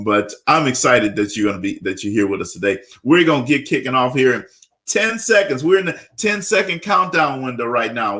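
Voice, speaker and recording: A man hosting a radio talk show, energetic and repetitive, often tagging on questions. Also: fairly high pitch.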